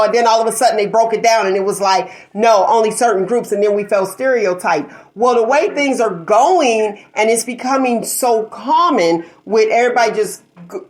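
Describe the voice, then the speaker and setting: Talk host, woman, fairly high pitch, casual and chatty, laughs a lot. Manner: chatty, laughs often, acts out little quoted asides. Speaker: show host. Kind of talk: casual chat.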